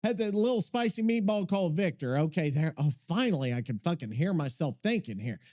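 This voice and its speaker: A man's voice: on the high side, animated, brisk. A man hosting a gaming podcast, talking loosely and profanely with frequent rambling. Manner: loud, profane, laughing, rambling. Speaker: podcast host. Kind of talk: casual chat.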